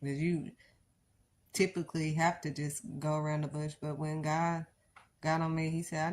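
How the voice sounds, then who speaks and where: Blunt, low-voiced woman preaching. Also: flat delivery, normal speed, a little mellow, a little hiss or hum. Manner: blunt, exhortative, rhetorical questions. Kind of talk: impassioned live-stream sermon.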